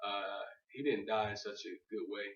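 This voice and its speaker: A man's voice: fairly low pitch, steady tone, normal speed. A man gives a loose, joking faith talk to a group and wanders off on tangents. His voice is heard from a distance in an echoey room. The sound is dull. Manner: keeps saying "you know what I'm saying". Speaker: speaker on faith. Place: room with an audience.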